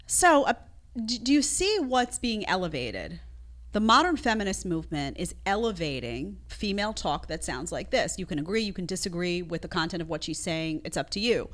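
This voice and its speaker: A woman's voice: fairly low pitch, very animated, moderate pace, fairly bright tone. A woman commenting on a played clip with an indignant, sarcastic, emphatic manner. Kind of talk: opinionated commentary.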